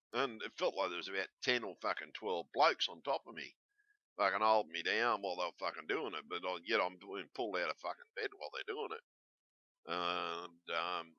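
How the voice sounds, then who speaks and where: A man's voice: sits low, bright, forceful tone, no room sound, muffled recording. An Australian man talking in a casual, rambling vlog, blunt and swearing constantly. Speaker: YouTuber.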